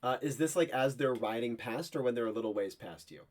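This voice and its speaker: A man's voice: medium pitch, a little fast, darkish tone. A man runs a tabletop role-play as game master, in a mid-range voice. His narration is loose and casual, dotted with fillers.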